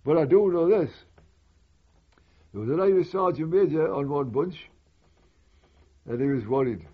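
Older veteran for oral history, husky, wandering anecdotal delivery, muffled old tape sound. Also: male voice, a little high, expressive, unhurried. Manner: rambling, conversational storytelling with asides. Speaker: war veteran recalling memories. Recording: dull lo-fi recording.

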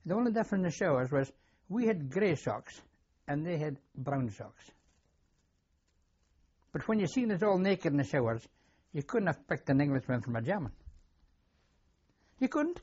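A man's voice: on the high side, big pitch swings, moderate pace, long pauses, darkish tone, slightly rough, dull audio. An older man with a Scottish accent recounting memories in an interview, plain-spoken and given to repeating himself. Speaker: war veteran interviewee. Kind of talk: oral history interview.

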